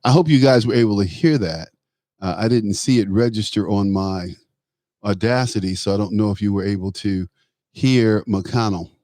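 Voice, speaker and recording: Male talk host, low-pitched, blunt animated commentary, dry close-miked recording. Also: moderate pace, no room sound. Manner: animated, laughs while talking, blunt asides. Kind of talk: solo political commentary.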